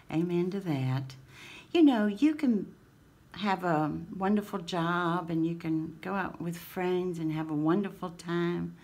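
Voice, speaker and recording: A woman's voice: lowish voice, measured pace, darkish tone. A woman with a Southern American accent hosting a casual craft vlog, gushing and laughing often, full of folksy sayings. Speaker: craft channel host.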